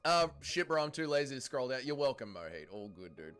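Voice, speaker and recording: Brief: crude, joking Australian guy hosting a livestream, animated delivery, faint music behind. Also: mid-range voice, brisk, clear, resonant tone. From Melbourne, Australia. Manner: joking, crude, lively banter with chat. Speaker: livestream host. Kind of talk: casual livestream chat, reading viewer comments.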